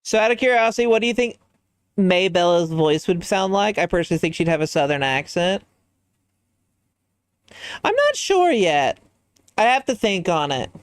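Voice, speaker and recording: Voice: medium pitch, fairly quick, clear, resonant tone, dry recording. A livestreamer chatting casually while designing a character, thinking aloud and answering chat in a musing way.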